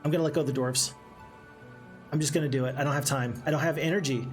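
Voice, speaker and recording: A man's voice: on the high side, quick pace. Chatty man streaming a strategy game. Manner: chatty, animated, reads chat aloud. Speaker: gaming streamer. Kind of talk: casual let's-play commentary. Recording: faint game music behind.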